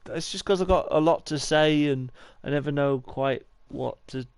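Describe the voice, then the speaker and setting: A man's voice: fairly high pitch, moderate pace, clean tone, dry recording, clean studio sound. A man live-streaming a baseball game, talking in a rambling, stuttering, encouraging way. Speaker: gaming streamer.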